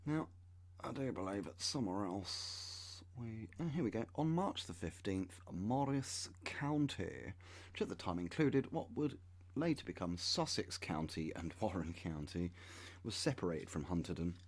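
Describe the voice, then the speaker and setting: A man in his thirties with a deep, low-pitched voice talks slowly as he reads web pages aloud. He breaks off now and then with dry, sarcastic remarks, in the manner of a channel host giving a commentary. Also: expressive. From United Kingdom. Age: 30s. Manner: wry, sarcastic asides.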